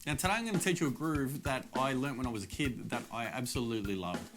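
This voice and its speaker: A man's voice: mid-range voice, fast talker, over loud music. A middle-aged man giving a casual, upbeat drum lesson straight to camera, explaining the steps plainly. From Australia. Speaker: drum teacher.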